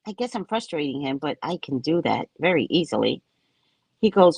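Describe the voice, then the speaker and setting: Husky, animated woman telling a story. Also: normal speed, dry recording. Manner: animated, mocking, laughs often, voice leaps high when exasperated. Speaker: podcast host. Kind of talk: casual storytelling chat.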